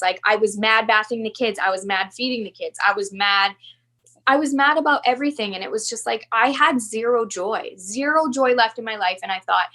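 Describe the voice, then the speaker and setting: A woman's voice: fairly high pitch, brisk, a bit bright. A woman in her thirties, a podcast guest, talking earnestly and confessionally, with many "like" fillers. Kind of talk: candid personal interview.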